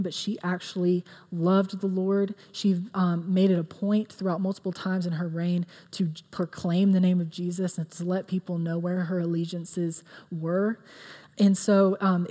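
A woman's voice: on the low side, mellow. A woman giving a sermon in an earnest, conversational way, with many fillers. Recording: long reverb of a hall.

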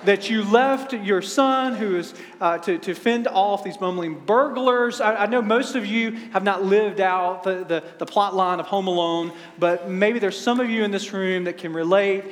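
A man's voice: sits high, fairly bright tone, in a large hall. A middle-aged man preaching a sermon as pastor, telling funny family stories with stammered restarts. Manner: humorous storytelling with stammered restarts. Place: church sanctuary.

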